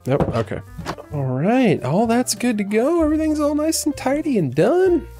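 A man's voice: very high-pitched, sing-song, normal speed, over music. A man giving casual, rambling commentary as he plays a video game, talking to himself in a playful way. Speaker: gaming YouTuber. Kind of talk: casual Let's Play commentary.

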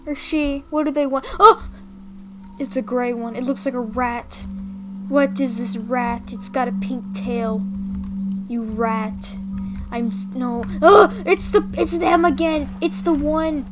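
Young female gaming creator, casual play-along commentary; excitable and playful, slightly high-pitched. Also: slow pace, over music. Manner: excitable, playful, gasps and mock panic.

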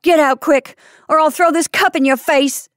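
Brief: woman as a defiant bedridden young woman, high and loud, dry close sound. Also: steady tone, normal speed, no echo, close to an everyday voice. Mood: fierce. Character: fierce young woman patient, bitter and defiant.

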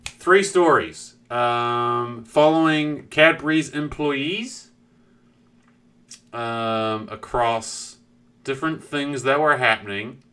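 Streaming a game live, a young man from New Zealand's South Island chats in a heavy southern accent, wandering from his story to greet viewers and swearing offhandedly. His voice is bright, lively and mid-pitched, and he speaks slowly and smoothly.

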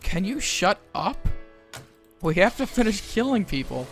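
Give me a woman joking through a co-op game stream, mock-dramatic and teasing. Her pitch sits mid-range but jumps around a lot, full of exaggerated reactions. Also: sing-song, measured pace, soft background music. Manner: playful, mock-dramatic, trades insults. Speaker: co-op gaming streamer. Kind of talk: joking co-op gaming banter.

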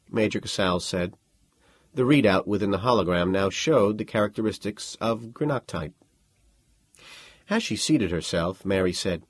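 Male audiobook narrator, husky and dry, expressive storyteller. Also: deep voice, unhurried, dry recording. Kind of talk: scripted narration.

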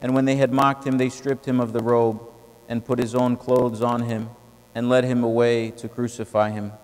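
A man reads scripture in a measured, level voice that barely rises or falls. His words ring out into a large cathedral, and a long reverb hangs behind each line. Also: smooth. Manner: steady, even reading with little pitch movement. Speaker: reader. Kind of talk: liturgical scripture reading.

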